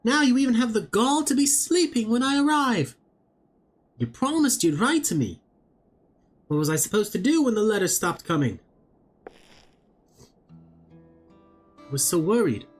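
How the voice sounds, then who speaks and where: Scolding worried young woman from a game, high and shrill, a guy putting her on, faint music behind. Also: very animated, moderate pace, mellow, slightly rough, full character voice. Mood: exasperated scolding. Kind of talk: reading game dialogue aloud.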